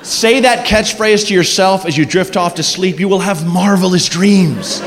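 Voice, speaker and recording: A man doing a stand-up comedy set on a club stage, animated and leaping into loud voices for his bits. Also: high-pitched, moderate pace. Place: comedy club stage before a live audience. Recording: live club recording with long reverb and noise.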